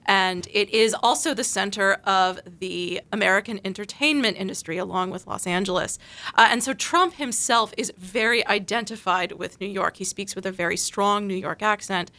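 Woman, panel guest, measured and analytical, bright tone. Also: medium pitch. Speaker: panel guest discussing her essay. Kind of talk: academic panel discussion.

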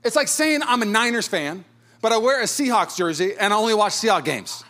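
A pastor in his thirties preaching a sermon with a fairly high, light voice. He talks in a conversational, storytelling way and pokes fun at himself. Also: expressive, a little fast, sharp tone. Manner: conversational, storytelling with self-deprecating humor.

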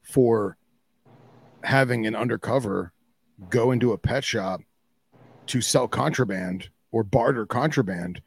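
Gravelly, husky-voiced man chatting. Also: mid-range voice, unhurried, pauses often. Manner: animated storyteller, acts out both sides of a conversation. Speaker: podcast co-host. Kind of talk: casual chat.

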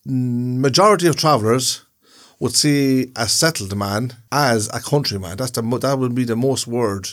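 A man's voice: mid-range voice, normal speed. An Irish man co-hosting a podcast, explaining things in a rambling way and repeating himself. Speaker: podcast co-host. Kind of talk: casual chat.

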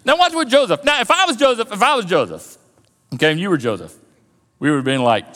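A man preaching a sermon, telling a story with lively animation and acting out the characters' lines. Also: high-pitched, fast talker, in a large hall. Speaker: pastor. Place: church auditorium.

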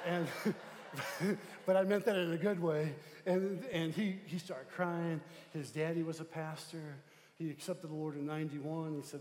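Male pastor, sermon storyteller, fairly high voice, lively swings in volume; long reverb of a church hall with faint background noise. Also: a little slow. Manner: animated, swings from loud excitement to hushed tones. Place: church sanctuary.

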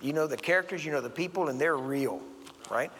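A man whose voice is on the high side, a little fast and fairly bright preaches in a church sanctuary, spinning folksy tales and performing the characters' voices. Long hall reverb fills the recording, along with a little hiss or hum.

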